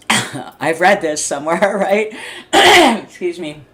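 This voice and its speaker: A middle-aged woman ranting to camera in a blunt, profane, heated way, often clearing her throat. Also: fairly low pitch, big pitch swings, slow pace, background noise. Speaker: vlogger. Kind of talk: unscripted rant to camera. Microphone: streaming setup mic.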